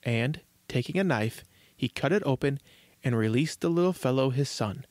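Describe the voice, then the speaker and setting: A man reads a fairy tale aloud as host of a children's story show, measured and gentle. His voice sits at an ordinary pitch. The recording is close and dry. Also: expressive, no echo. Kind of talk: scripted storybook narration.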